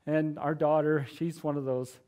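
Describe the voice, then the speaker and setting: A middle-aged man preaching in a church, speaking with a somewhat high voice. His sermon is conversational and earnest, scattered with fillers and soft laughs. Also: flat delivery, normal speed. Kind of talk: conversational sermon with personal testimony.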